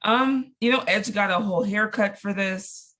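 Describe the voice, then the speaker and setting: A woman's voice: mid-range voice, normal speed, fairly bright tone. A woman co-hosting a casual chat show, laid-back and teasing, laughing easily. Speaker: podcast co-host.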